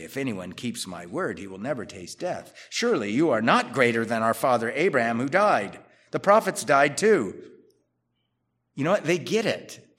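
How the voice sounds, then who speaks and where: A man preaching a sermon, reading scripture aloud and then explaining it in a conversational way, moving between loud emphatic lines and quiet asides. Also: mid-range voice. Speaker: pastor.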